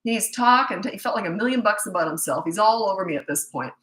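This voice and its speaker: A middle-aged woman coaching parents, telling a story in a direct, no-nonsense, animated way. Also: medium pitch, fast, roomy sound, rough recording. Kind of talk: casual storytelling advice.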